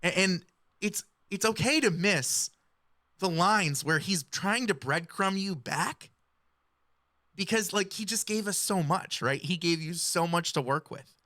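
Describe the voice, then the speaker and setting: A woman giving explanatory commentary in a video, speaking in a measured, analytical way. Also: on the low side, animated, bright, forceful tone, no echo, studio quality. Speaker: music commentator.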